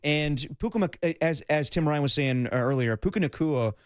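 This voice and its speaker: A man co-hosting a sports radio show, talking in a casual, animated way and slipping into mocking impressions. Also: a little high, normal speed, clear, resonant tone, no room sound, clean studio sound.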